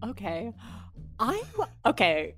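A woman's voice: fairly high pitch, huge pitch swings, takes it slowly, a bit bright. Woman, podcast guest, playful absurd jokes, video call, faint music behind. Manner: playful absurd joking, breaks into squeals. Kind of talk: comedic rapid-fire podcast chat.

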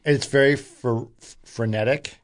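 A man in casual film talk, speaking in halting bursts with restarts and casual swearing. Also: medium pitch, fairly even intonation.

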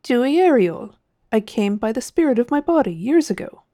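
A woman's voice: a little high, expressive, fairly quick, mellow, no room sound, clean studio sound, voice pushed up, natural voice. A woman voicing a proud Martian man who insists he comes from Earth, in a storybook reading. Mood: genial. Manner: lofty, insistent.

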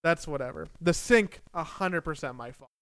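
A young man telling a story in casual chat, animated and self-mocking, swearing freely. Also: fairly high pitch, moderate pace, dry recording, clean studio sound.

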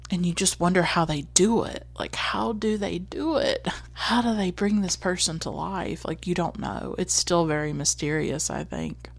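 A woman talking casually and thoughtfully about a film performance, often pausing and restarting her sentences. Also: fairly low pitch, gravelly, no room sound. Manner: thoughtful, with frequent restarts and fillers. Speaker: film reviewer. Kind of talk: casual film review talk.

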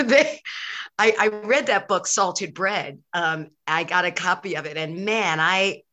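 A woman shares her thoughts in a group class. Her voice is low in pitch but bright and sharp, and she talks haltingly, with restarts and frequent laughs. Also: faint music behind. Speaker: class participant. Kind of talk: casual sharing in class discussion.

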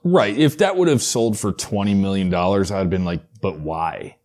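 A man's voice: on the low side, sing-song, a little fast, darkish tone. A man co-hosting a podcast, chatting in a laid-back way with some swearing. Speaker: podcast co-host. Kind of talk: casual chat.

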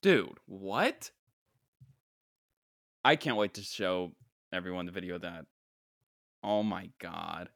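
A man's voice: low-pitched, measured pace, pauses often, no room sound, studio quality. A young man in his twenties hosting a podcast, reacting with mock exasperation and disbelief in a casual, joking way. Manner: incredulous, animated, mock-exasperated. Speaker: podcast host.

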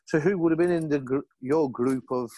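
A man's voice: a little high, fairly quick, dark tone, dry recording, low-quality recording. A man interviewing a guest, often answering with short "right" and "yeah". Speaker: host. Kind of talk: casual interview.

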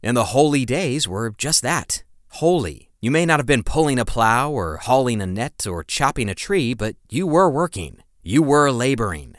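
A man's voice: mid-range voice, sing-song, moderate pace, no room sound, clean studio sound. A man hosting a podcast, reading scripted history narration in a dramatic, emphatic storytelling manner with playful asides. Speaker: podcast host.

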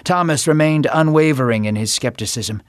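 A man narrating a scripted Bible story in a steady storytelling manner. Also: a little high, brisk, dry recording.

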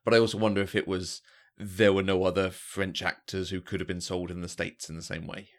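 Man, low voice, co-host in a casual film chat, halting and repeating himself as he thinks. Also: little pitch movement. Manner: halting, repeats words when starting a thought. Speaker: podcast co-host.

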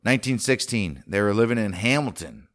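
Podcast co-host: a low-pitched man, dry and stubborn, reads aloud between arguments. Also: sing-song, brisk, a bit bright. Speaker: podcast co-host reading the story. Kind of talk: casual chat and reading aloud.

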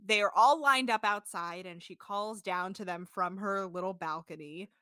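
A woman's voice: mid-range voice, normal speed, pushed and bright, clean tone, no echo, studio quality. A woman co-hosting a casual podcast, animatedly recapping a reality show, laughing and swearing as she tells it. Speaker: podcast co-host. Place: apartment home.

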